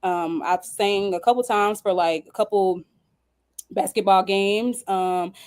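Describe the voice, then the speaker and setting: A young woman, a singer and songwriter, telling a story in a casual interview, animated and laughing often. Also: medium pitch, unhurried, clear, resonant tone. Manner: animated, squeals when acting out quoted dialogue.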